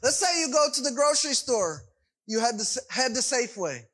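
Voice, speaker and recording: A man's voice: very high voice, very animated, moderate pace, a bit bright, poor audio. A man preaching a sermon in a conversational way, often checking in with his congregation. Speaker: pastor.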